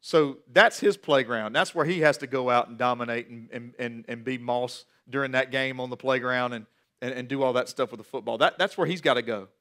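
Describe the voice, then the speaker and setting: A man in his forties preaching a sermon as pastor, animated and repeating words as he builds each point. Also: mid-range voice, fairly quick.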